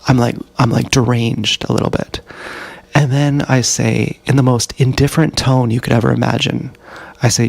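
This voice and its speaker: A man's voice: medium pitch, fairly even intonation, normal speed, creaky, no echo. A man livestreaming from an action camera, telling a tangled personal story in a profane, rambling way and often correcting himself. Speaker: live streamer.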